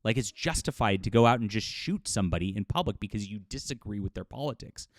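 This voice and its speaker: A man's voice: on the low side, lively intonation, quick pace, dry recording, clean studio sound. A man hosting a commentary video, talking in an agitated, indignant rant with frequent restarts. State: livid. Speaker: commentary host. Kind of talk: angry commentary monologue.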